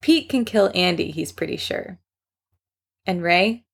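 A woman's voice: fairly low pitch, animated, a little slow, vocal fry. A woman reading a fan story aloud in a wry narrating voice. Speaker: story reader.

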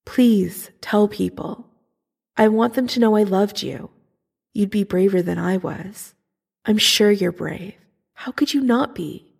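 A woman's voice: medium pitch, slow pace, creaky, darkish tone, breathy edge, heavily acted. A woman voicing a young male soldier writing an earnest, yearning love letter, in a fan fiction audiobook reading. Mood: tender.

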